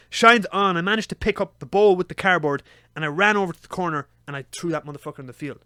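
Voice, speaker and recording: Fast, lively guy telling stories. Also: sits high, dry recording, clean studio sound. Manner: animated, swearing, acts out his own panicked shouts. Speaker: podcast co-host. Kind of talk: casual storytelling chat.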